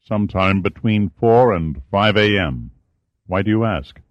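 A courteous official with formal, measured speech, voiced by a man reading aloud. The voice is deep and low, recorded close and dry. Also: lively intonation, no room sound, lo-fi sound.

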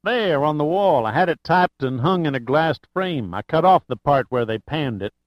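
A man voicing an excitable older Texan store owner who talks high and eager, in a dull lo-fi recording. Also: moderate pace, no room sound, lightly acted. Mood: excited.

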